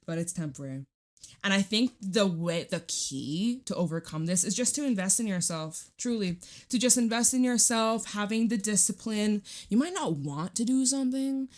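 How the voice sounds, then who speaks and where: A woman's voice: medium pitch, moderate pace, a little mellow. A woman giving a casual tarot reading at home into a microphone, chatty and blunt, swearing and laughing often. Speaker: tarot reader. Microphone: studio microphone.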